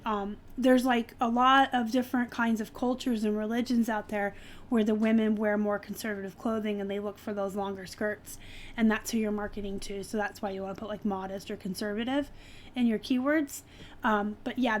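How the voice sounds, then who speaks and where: A woman with a bright, high voice chats casually through a live stream, sprinkling her talk with ums and likes and getting excited. A faint layer of background noise sits under the recording. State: dry throat, clearing it. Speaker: reseller streaming an unboxing.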